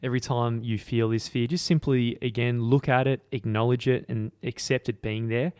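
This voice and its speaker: A man's voice: mid-range voice, steady tone, normal speed, darkish tone, clear, resonant tone. A young man co-hosting a casual book podcast, summing up ideas in a blunt, self-mocking way. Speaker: podcast co-host.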